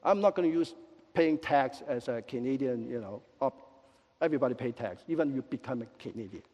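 A male pastor delivering a lively sermon with joking asides and quick apologies, in a church sanctuary. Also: medium pitch, dull audio. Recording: long echo of a large hall.

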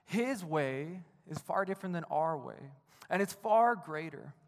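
A man preaches an earnest sermon in a fairly high voice and often doubles back on his own words. His voice rings out into a long, echoing hall. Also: expressive, a little slow. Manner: earnest, repeats words as he speaks, frequent "right?". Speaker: pastor. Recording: reverberant hall.

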